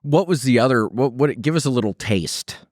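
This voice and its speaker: A man's voice: medium pitch, lively intonation, normal speed, darkish tone, dry recording, clean studio sound. Drawling man, playful questions. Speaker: podcast co-host. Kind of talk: casual comedic chat.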